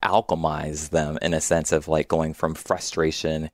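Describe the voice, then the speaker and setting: Deep-voiced calm man explaining. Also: measured pace, no echo, clean studio sound. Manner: calm, explanatory, uses spoken examples of inner voices. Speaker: guest speaker on emotions. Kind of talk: reflective podcast conversation.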